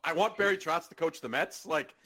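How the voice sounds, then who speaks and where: Sardonic swearing man, fairly high voice. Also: fairly quick, pushed and bright, slightly rough. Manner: sardonic, swears, mock-miserable fan. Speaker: podcast co-host. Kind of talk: casual podcast chat.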